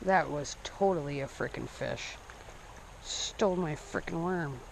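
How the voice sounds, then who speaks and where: A man's voice: on the high side, measured pace, vocal fry, slight background noise. Laid-back Midwestern guy fishing a stream. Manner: excited outbursts when hooking fish. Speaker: fishing vlogger. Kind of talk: casual outdoor vlog narration. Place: outdoors by a small stream. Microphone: action camera. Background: running stream water.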